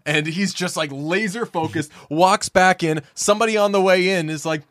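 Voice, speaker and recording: A man's voice: sits high, normal speed, hardly any pauses, a bit bright, no echo, studio quality. A man co-hosting a casual podcast about a movie, talking animatedly, acting out quotes and swearing casually. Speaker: podcast co-host.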